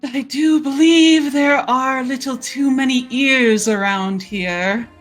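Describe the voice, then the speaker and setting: A woman's voice: high voice, slow pace, faint music behind. A woman playing a cool, dismissive noblewoman. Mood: aloof. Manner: aloof and teasing.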